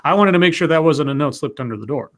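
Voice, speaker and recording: A man in his forties with a slightly higher voice co-hosts a casual live show. He reads viewer comments aloud and rambles through his answers, restarting his sentences with stammers. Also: lively intonation, fast. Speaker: co-host. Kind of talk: casual livestream chat reading viewer comments.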